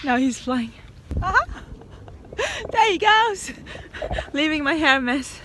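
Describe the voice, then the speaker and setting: A woman vlogging in an open park outdoors who calls out loudly and laughs often. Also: high voice, lively intonation, slow pace, pauses often, slight background noise. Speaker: vlogger with a pet parrot. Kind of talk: casual outdoor vlog.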